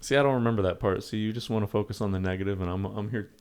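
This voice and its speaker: A man with a low, deep voice, co-hosting a podcast. He trades dry, deadpan jokes in relaxed, casual banter. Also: racing, smooth. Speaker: podcast co-host. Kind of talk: casual chat.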